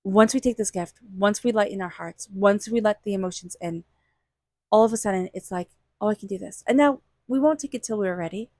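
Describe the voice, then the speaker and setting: A woman's voice: medium pitch, brisk, a little mellow, no room sound. A woman giving a casual, reassuring tarot reading, repeating phrases for emphasis. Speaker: tarot reader.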